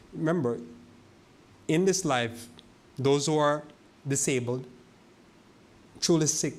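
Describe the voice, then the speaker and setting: A male pastor giving a sermon, reading scripture slowly and asking the congregation rhetorical questions, often repeating and restarting words. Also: medium pitch. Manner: preaches with rhetorical questions and slow scripture quoting.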